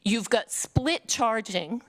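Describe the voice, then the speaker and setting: A woman's voice: fairly high pitch, lively intonation, slow pace, no room sound. A woman making a public comment to a town council, firing off pointed questions while admitting she is nervous, with a Northeastern US accent.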